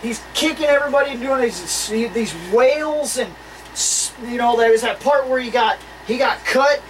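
A podcast co-host telling stories in casual chat, animated and swearing freely, laughing between lines. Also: medium pitch, moderate pace, far from the mic, a little hiss or hum, rough recording.

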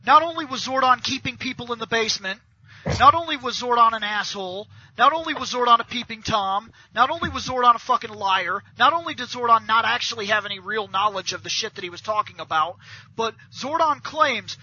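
A man with a very high, sharp voice rants in casual podcast chat, swearing freely and acting out little scenes. His tone is husky, and the audio sounds dull and lo-fi. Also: fairly quick. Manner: animated, profane, ranting storyteller.

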